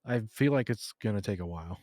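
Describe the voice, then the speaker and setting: A man with a somewhat low voice chats in a relaxed, easygoing way alongside a streamer. His intonation moves a lot. The recording is dry and close. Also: fast talker, no room sound. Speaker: co-player on a stream. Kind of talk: casual chat.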